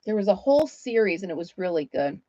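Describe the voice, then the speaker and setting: A woman's voice: medium pitch, sing-song, quick pace, mellow, no echo, muffled recording. A woman hosting a casual livestream from home, chatting with viewers while she crochets and laughing often. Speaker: livestream host.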